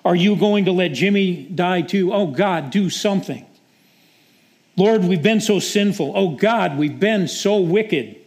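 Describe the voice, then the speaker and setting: A woman's voice: lowish voice, a little slow, a little mellow, close to an everyday voice. A male preacher voicing a desperate Israelite mother who pleads with God for her son. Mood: pleading.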